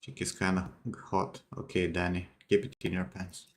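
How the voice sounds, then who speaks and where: A man's voice: low-pitched, completely flat delivery, normal speed, soft background music. A man streaming a game, giving casual reaction commentary, blunt and swearing freely. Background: game audio.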